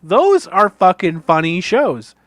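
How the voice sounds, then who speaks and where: A man co-hosting a casual podcast, excitable and profane, who keeps saying "oh my God". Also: high-pitched, slow pace, no echo. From Canada. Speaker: podcast co-host. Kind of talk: casual chat.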